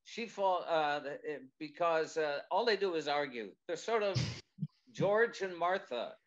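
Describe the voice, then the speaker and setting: A man, a screenwriter guest, describing a project in casual chat, halting and searching for words. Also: fairly high pitch, lively intonation. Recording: slightly dull lo-fi audio.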